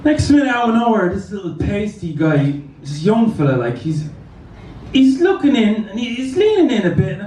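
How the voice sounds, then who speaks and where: A man's voice: high-pitched, big pitch swings, moderate pace, darkish tone, echoey room, far from the mic, a little hiss or hum, poor audio. A man doing a stand-up comedy set in a club, telling crude, rambling stories. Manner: crude, rambling anecdotal delivery.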